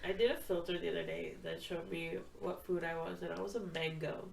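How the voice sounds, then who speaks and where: Gravelly-voiced young woman podcast co-host. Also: fairly low pitch, fairly even intonation, brisk, low-quality recording. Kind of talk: casual chat.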